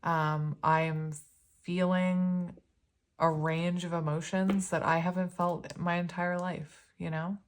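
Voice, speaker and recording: Woman, tarot reader, casual spiritual talk, earnest and rambling, slightly low voice. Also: little pitch movement, slow, a little hiss or hum. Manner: earnest, rambling, frequent "like" and "you know".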